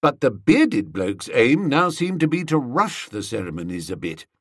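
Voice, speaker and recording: A man reading a comic novel aloud in wry, lively first-person storytelling. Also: medium pitch, normal speed, husky, dry recording, studio quality. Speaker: audiobook narrator. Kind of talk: scripted comic narration.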